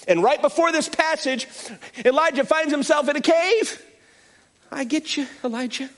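Man, pastor, sermon, high voice, very animated pitch, playful storytelling. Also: normal speed.

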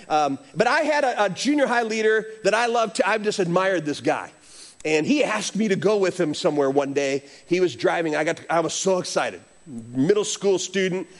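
Man, pastor, sermon, animated storytelling, high pitch. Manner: animated storytelling preacher, acts out voices.

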